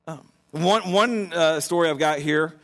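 Conversational preacher with a fairly high voice. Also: male voice, measured pace. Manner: conversational and animated, many restarts. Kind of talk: sermon. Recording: long reverb of a large hall.

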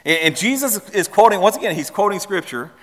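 A man's voice: sits high, expressive, fairly quick, a bit bright, in a large hall. A man preaching a sermon in a church, speaking conversationally and pressing the congregation with pointed questions. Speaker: pastor.

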